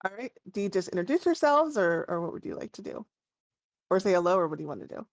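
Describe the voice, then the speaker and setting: A woman's voice: on the low side, quick pace, gravelly, dry recording, clean studio sound. A woman narrating as game master in a casual tabletop session, talking loosely with frequent filler words. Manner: casual, relaxed, many fillers.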